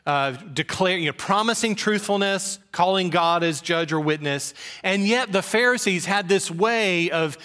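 A middle-aged man from preaches in a bright, forward voice pitched a little high. He tells folksy, self-deprecating stories from his own life. The delivery stays relaxed and conversational. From rural Georgia, US. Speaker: pastor. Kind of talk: sermon with personal stories.

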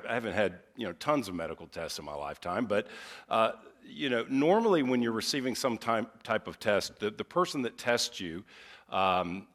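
A man preaching as a visiting speaker in a conversational sermon, telling stories in an animated way. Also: lowish voice. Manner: animated storytelling with lively acted-out quotes.

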